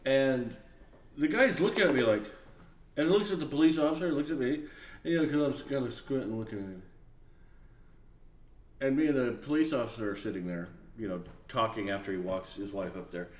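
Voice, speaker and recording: A man's voice: medium pitch, brisk, echoey room. A man telling a funny story, acting out the voices of the people in it. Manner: animated, acts out voices and laughs while telling. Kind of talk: casual storytelling.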